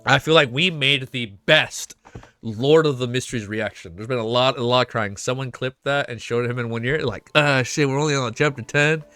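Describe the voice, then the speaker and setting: A young man chatting casually on a live stream while reacting to a web novel, excitable and swearing often. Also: medium pitch, moderate pace, clean tone, no room sound, soft background music.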